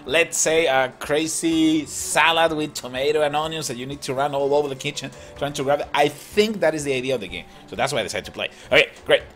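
A man hosting a gaming channel, chatting excitedly and laughing as he comments on a mobile cooking game. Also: on the high side, quick pace, hardly any pauses. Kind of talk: casual gameplay commentary. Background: game music.

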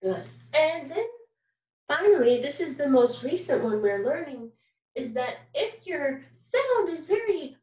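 A woman's voice: high-pitched, sing-song, a little slow, a little mellow, echoey room, recorded from a distance, low-quality recording. A woman teaching a kindergarten music lesson, patient and encouraging, asking children questions and singing examples. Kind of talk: recorded online music lesson for young children.

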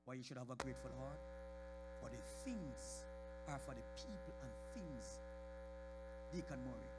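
A man in a church preaching a sermon. His voice rises from quiet talk to shouted high points, and he calls out members of the congregation by name. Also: expressive, moderate pace, heavy background noise. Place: church sanctuary.

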